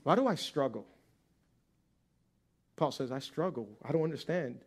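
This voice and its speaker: A male pastor preaching a sermon. He acts out scripture in the first person and swings from soft murmurs to loud, near-shouted pleas. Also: medium pitch, expressive, normal speed.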